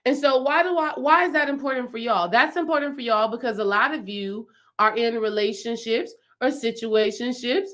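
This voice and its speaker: A woman's voice: a little high, normal speed, few pauses, fairly bright tone. A woman speaking as a spiritual healing coach in a casual teaching talk, emphatic and chatty. She repeats phrases for stress and keeps asking her viewers questions. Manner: chatty, asks the audience questions.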